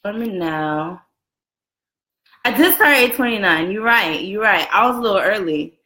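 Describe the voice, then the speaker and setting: A young woman in her twenties hosts a casual live stream from her room at home, speaking into a camera setup. Her voice is bright and forceful, mid-pitched, and she keeps up a lively, chatty energy, calling out viewers by name. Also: normal speed. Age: 20s. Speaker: livestream host. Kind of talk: casual live video chat. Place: room at home with a roommate next door. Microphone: camera and phone set up for a live stream.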